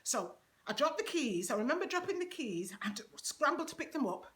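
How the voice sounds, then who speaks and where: A woman telling a personal story in a casual vlog, animated and laughing often. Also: sits high, a little fast.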